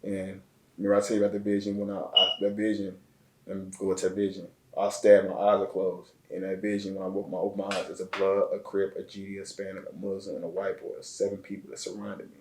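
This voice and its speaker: A man from Chicago, a guest telling a personal story in a halting, emotional way, often repeating words. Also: low-pitched, monotone, a little hiss or hum. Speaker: interview guest. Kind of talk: casual storytelling. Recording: echoey room.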